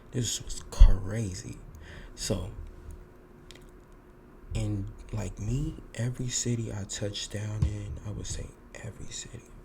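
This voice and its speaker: A guy with a lowish voice hosts a podcast, delivering a laid-back story monologue full of swearing and animated re-enactments of what people said. There's noise in the background.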